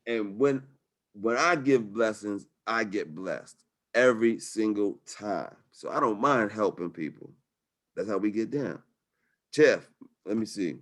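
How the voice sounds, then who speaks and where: Male webinar host, lowish voice, hype slang delivery, video-call audio. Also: lively intonation, measured pace. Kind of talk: live webinar sales talk.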